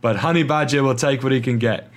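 A man voicing a cheeky, upbeat male racing driver in a put-on Australian accent that slides into Cockney, pitched up and louder. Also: quick pace, lightly acted. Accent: put-on Australian sliding into Cockney. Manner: raised pitch, louder, jokey quoted delivery.

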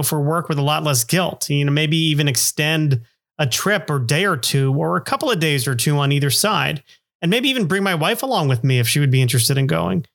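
A man's voice: on the high side, creaky, a bit bright. A middle-aged man hosting a podcast, narrating casually in a rambling, self-deprecating way with many fillers. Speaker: podcast host.

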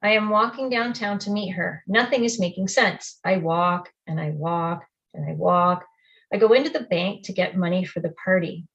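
A woman telling a personal memoir in the first person and the present tense, quiet and reflective. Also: fairly low pitch, normal speed, highs cut off. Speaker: storyteller.

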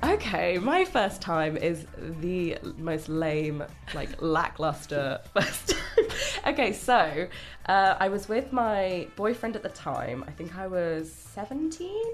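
A young woman with a slightly low voice, chatting candidly as a podcast guest. She tells her stories with plenty of laughter. Her talk is loose and conversational. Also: sing-song, slow pace, faint music behind. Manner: chatty storyteller, laughs often. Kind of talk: candid casual chat.

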